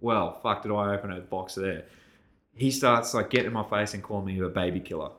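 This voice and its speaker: Australian man, thirties, podcast co-host, quick, lowish pitch, animated. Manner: animated, acts out both sides of the story with raised voice. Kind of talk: casual storytelling chat.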